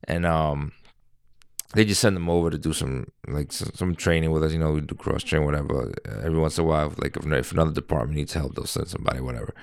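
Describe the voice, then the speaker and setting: A man in his thirties with a deep voice, talking in a casual, rambling monologue full of fillers and restarts. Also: fast, vocal fry, dry recording, studio quality. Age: 30s. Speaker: vlogger.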